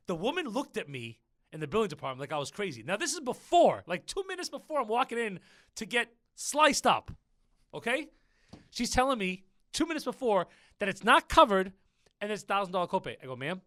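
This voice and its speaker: A man hosting a business podcast, chatty and animated, telling stories straight to his listeners. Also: sits high, brisk, no echo, clean studio sound. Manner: chatty, storytelling, addresses listeners as folks. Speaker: podcast host. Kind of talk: casual business podcast chat.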